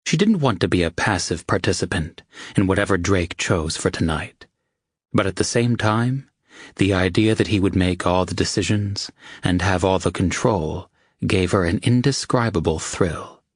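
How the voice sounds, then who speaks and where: Deep-voiced male audiobook narrator. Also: normal speed, husky, no room sound, studio quality. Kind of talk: scripted narration.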